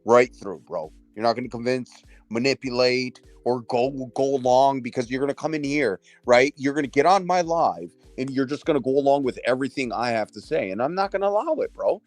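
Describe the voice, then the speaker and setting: A man's voice: medium pitch, expressive, brisk, few pauses, dry recording, faint music behind. Blunt, swearing male stream host. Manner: blunt, profane, scolding. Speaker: livestream host. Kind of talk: casual livestream chat.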